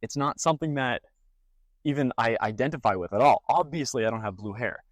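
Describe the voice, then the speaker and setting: Talking a little fast in a mid-range voice, a young fitness and gaming creator tells stories and offers advice in a relaxed talking-head format. He slips into mocking put-on voices as he narrates, and the recording is dry.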